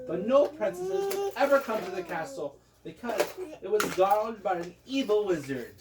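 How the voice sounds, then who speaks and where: A woman improvising a bedtime story for her child, playful and lively. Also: medium pitch, moderate pace. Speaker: parent telling a bedtime story. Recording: roomy, distant, noisy home recording.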